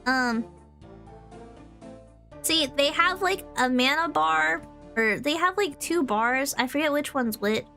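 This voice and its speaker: A woman's voice: sits high, slow pace, creaky, long pauses, pushed and bright, faint music behind. A young woman from Texas, a streamer, chatting casually and rambling with lots of fillers. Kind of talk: casual chat.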